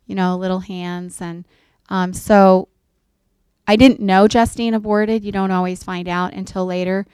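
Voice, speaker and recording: A middle-aged woman speaks earnestly to a gathered group, recounting a counseling story. Her voice is smooth and resonant, recorded dry and close. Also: mid-range voice, darkish tone, no echo. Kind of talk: faith-based talk to an audience.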